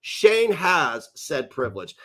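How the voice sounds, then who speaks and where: Brief: a male stream host, sarcastic and mocking, with a lively, up-and-down voice. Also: a little high, slow. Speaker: livestream host. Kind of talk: ranting livestream commentary.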